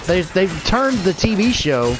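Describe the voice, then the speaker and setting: Very animated yet a little slow, this middle-aged man speaks in a high voice over background noise. As a gaming vlogger, he chats casually while playing, rambling, swearing freely and laughing a lot.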